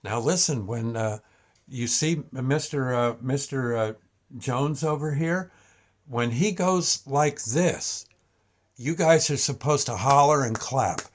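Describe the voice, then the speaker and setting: A cheerful host of a children's TV show, coaxing and upbeat as he rallies his young studio audience, as an older man puts him on in his own voice. The tone is friendly and encouraging, at a plain middle pitch. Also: takes it slowly, natural voice.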